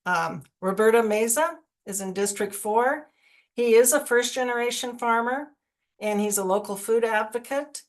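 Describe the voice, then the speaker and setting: A woman's voice: on the high side, normal speed. A woman on a video call introducing fellow commission members, talking in a loose, chatty way with many fillers. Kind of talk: virtual public forum, casual introductions.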